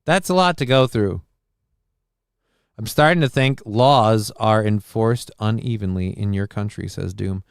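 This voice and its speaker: A man hosting a live call-in stream, reading out chat comments with dry deadpan humor, rambling and swearing casually. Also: on the low side, a little slow, vocal fry, smooth, no echo. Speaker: livestream host reading chat.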